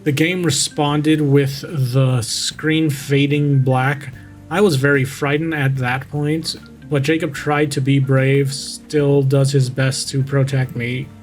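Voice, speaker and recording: A man's voice: mid-range voice, little pitch movement, slow pace, soft background music. A man reading a creepypasta aloud and breaking off to mock it with sarcastic commentary, close to the mic. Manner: sarcastic, interrupts the story to make fun of it.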